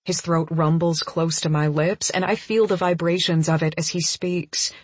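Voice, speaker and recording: A woman narrating a first-person audiobook in an intimate, emotional, measured way. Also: lowish voice, fairly even intonation, breathy edge, no echo.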